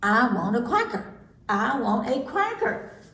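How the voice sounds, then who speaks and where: A woman's voice: fairly high pitch, big pitch swings, unhurried, bright, forceful tone, echoey room, distant mic, heavily acted. A woman voicing a demanding baby parrot in a storybook reading, insistent and repetitive.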